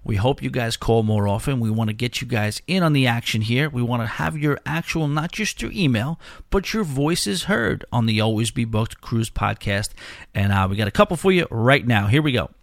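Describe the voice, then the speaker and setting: A man's voice: medium pitch, animated, moderate pace, gravelly, no room sound. Rambling podcast host man, dry sound. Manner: loose and rambling, with many restarts. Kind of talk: casual podcast chat.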